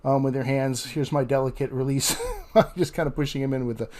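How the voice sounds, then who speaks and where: A man's voice: mid-range voice, steady tone, fairly quick, darkish tone. A man narrating his fishing vlog outdoors on a beach, chatty and laughing often as he talks to viewers. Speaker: fishing vlogger.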